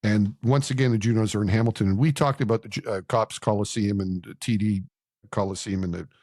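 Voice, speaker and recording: A man's voice: fairly low pitch, steady tone, fast, a little mellow, dry recording, studio quality. An older retired man with a Canadian accent co-hosting a casual podcast, enthusiastic and rambling with fillers. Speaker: podcast co-host. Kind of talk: casual chat.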